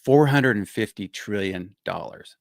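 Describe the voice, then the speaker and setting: An older man hosting his own show, commenting excitedly on a clip he plays, rambling and repeating himself. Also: on the low side, unhurried, gravelly, no room sound, studio quality. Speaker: host. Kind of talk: casual commentary on a played clip.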